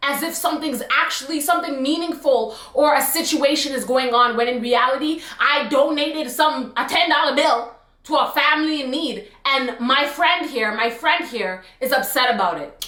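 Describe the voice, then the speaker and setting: A young woman tells a story in a high, bright voice, slangy and expressive. She is recorded in a room with a noticeable echo. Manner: animated, expressive, slangy retelling. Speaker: storytime vlogger. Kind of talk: casual storytime. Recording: roomy echo.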